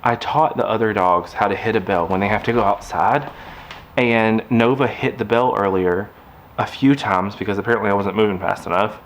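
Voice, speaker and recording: A man's voice: on the low side, moderate pace, a little hiss or hum. A man talking casually to camera in a craft vlog, rambling and chatty, turning aside to talk to his puppy. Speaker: craft vlogger. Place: indoors at home.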